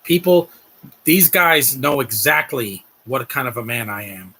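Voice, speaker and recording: A man's voice: mid-range voice, expressive, unhurried, gravelly, sharp tone, slightly rough. A man doing casual live-stream commentary on a film, gushing and rambling as he talks to his chat.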